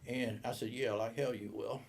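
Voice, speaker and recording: Gravelly older man telling a story. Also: mid-range voice, steady tone, normal speed. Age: 70s. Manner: rambling anecdotal, acts out quoted dialogue. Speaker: boat shop owner. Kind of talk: storytelling interview.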